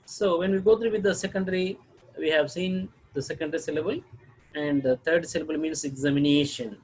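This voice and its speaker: A man with an Indian English accent giving a video lesson on pronunciation, halting often to clear his throat. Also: fairly high pitch, a little mellow, rough recording. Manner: halting, frequent throat clearing and filler sounds. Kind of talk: lecture-style video lesson.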